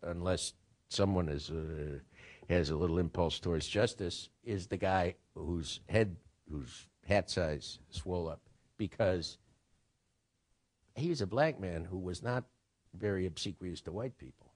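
A man's voice: low-pitched, measured pace. A man giving an informal lecture on writing, rambling and digressive, with profane asides.

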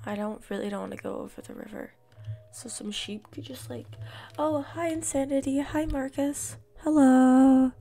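Hoarse, gravelly-voiced woman streamer. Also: sits high, level tone, normal speed, a little mellow. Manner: chatty, reassuring, talks to chat and to herself. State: hoarse from being sick. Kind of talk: casual live-stream chat while gaming.

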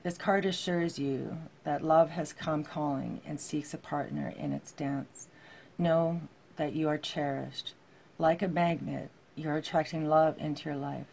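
Low, gravelly-voiced woman reading tarot. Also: a little hiss or hum. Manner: soft-spoken, heartfelt, with frequent fillers. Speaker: tarot reader. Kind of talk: reading tarot and oracle cards aloud to viewers.

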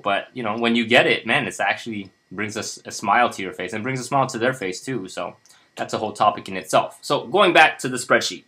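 A man with a lowish, bright, forceful voice explains a budgeting spreadsheet in a loose, chatty way. He talks with an upbeat, encouraging tone and stumbles through lots of fillers and restarts. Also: fairly quick. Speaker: personal finance instructor. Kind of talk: casual screen-share tutorial.

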